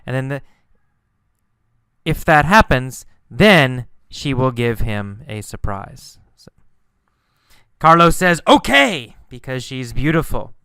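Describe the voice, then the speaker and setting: A man teaching English at a deliberately unhurried pace, explaining words one by one and repeating them in new phrasings. His voice is very clear and crisp. It sits close and dry on the mic, with no room sound around it. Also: mid-range voice, lively intonation, bright, forceful tone, dry recording. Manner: patient, repeats and rephrases key words. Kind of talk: slow explanatory lesson.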